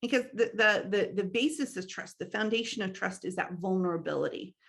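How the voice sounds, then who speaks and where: A young woman leading a training session, talking in a loose, conversational way. She fills her sentences with ums and small laughs, at a medium pitch. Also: brisk, vocal fry, fairly bright tone. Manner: conversational, many fillers, laughs often. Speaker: workshop trainer. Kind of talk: instructional talk.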